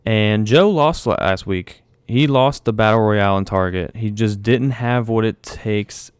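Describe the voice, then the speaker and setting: A man's voice: on the low side, measured pace, smooth, no echo, clean studio sound. A young man hosting a casual podcast, running a draft like a mock announcer and joking around. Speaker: podcast host.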